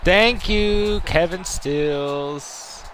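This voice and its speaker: A man streaming a football video game live, chatting casually in slang and breaking into high whoops. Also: very slow, slight background noise. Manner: hyped, slangy, keeps asking "you know what I'm saying"; bursts into high whooping shouts. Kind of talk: casual live gameplay commentary.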